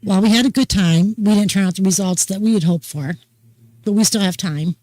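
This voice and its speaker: A woman's voice: medium pitch, mellow, no room sound, low-quality recording. Older lady hosting a talk show, folksy and chatty, rambles along easy, dry close sound. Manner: chatty, folksy, unhurried storytelling. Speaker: host. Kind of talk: casual chat.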